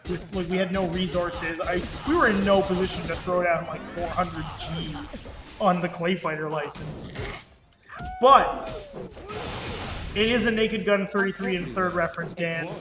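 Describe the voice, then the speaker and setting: A man's voice: high voice, moderate pace. A man who is an indie game developer, chatting casually on a stream and telling stories with laughs and the odd swear. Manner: excited storyteller, laughs and swears. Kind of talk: casual chat while playing. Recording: echoey room with game music.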